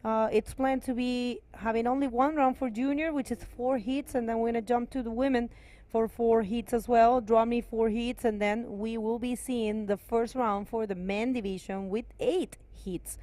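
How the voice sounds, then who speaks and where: Casting: non-native English female co-commentator, higher voice, dry close sound, friendly. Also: fairly even intonation, mellow, dry recording. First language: not English. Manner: friendly, promotional, slightly halting. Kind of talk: live sports commentary.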